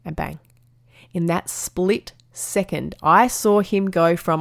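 A woman in her thirties hosting a podcast, telling a motivational story with animated delivery and acting out the dialogue in different voices. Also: fairly low pitch, a little slow, creaky. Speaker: podcast host.

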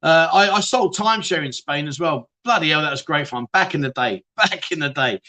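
A man's voice: a little high, expressive, brisk, few pauses, sharp tone, slight background noise. A middle-aged man hosting a casual live stream, chatting and greeting viewers by name, often laughing. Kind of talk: casual chat reading live comments.

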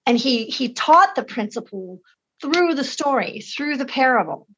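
A woman's voice: sits high, measured pace, a little hiss or hum. A woman talking as an interview guest, telling personal stories and acting out the voices of the people she quotes. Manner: animated, acts out quoted voices. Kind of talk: conversational storytelling. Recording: dull lo-fi sound.

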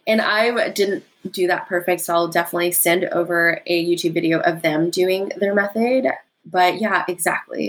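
A woman speaking as a podcast guest, explaining in a relaxed, conversational way with frequent filler words. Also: fairly low pitch, low-quality recording.

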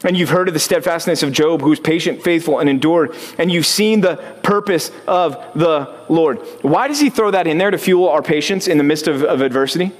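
A male pastor delivers a sermon in a fairly high voice. He talks casually and keeps asking the congregation questions. He often builds to a fervent, rising pitch. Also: fairly quick, hardly any pauses.

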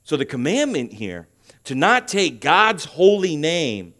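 A man's voice: fairly high pitch, big pitch swings, slow pace. Man preaching an emphatic sermon. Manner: emphatic preaching, rising and loud on key points; asks the congregation "okay?" to check understanding. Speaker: pastor.

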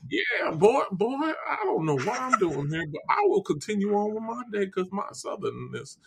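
A man voicing a loud, blustering Southern country father with a put-on Southern drawl who keeps barking "boy". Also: high voice, big pitch swings, moderate pace, gravelly, over a noisy crowd, voice pushed up, exaggerated voice. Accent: put-on American Southern.

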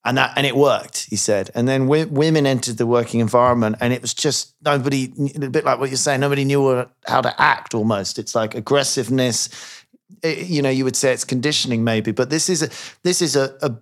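A man with an everyday mid-range voice hosts a relaxed chat. He rambles through stories and laughs as he goes. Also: medium pitch, fairly quick. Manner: rambling anecdotes, laughs often. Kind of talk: casual podcast conversation.

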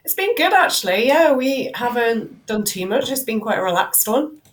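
Relaxed woman co-hosting a church stream. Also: fairly high pitch, normal speed. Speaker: church service co-host. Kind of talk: casual live-stream chat.

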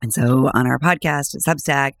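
A woman's voice: rumbling low, moderate pace, dry recording, studio quality. A woman podcast host and coach in casual chat, bubbly and laughing often, with a cold. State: has a cold.

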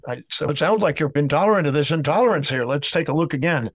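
A man's voice: a little high, lively intonation, fast, no room sound. A man telling a story in an interview, lecturing emphatically and acting out both sides of a dialogue. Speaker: speaker on emotional healing.

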